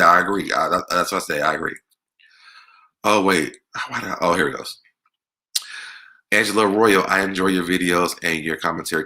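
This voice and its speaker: A man's voice: low-pitched, sharp tone. A young man hosting a livestream, reading viewer comments aloud and answering them in a chatty, laughing way. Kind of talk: casual chat.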